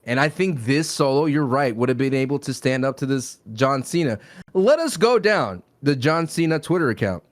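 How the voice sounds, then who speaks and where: A man co-hosting a wrestling podcast in casual chat, animated and playful, stumbling over quick restarts. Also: medium pitch. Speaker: podcast co-host.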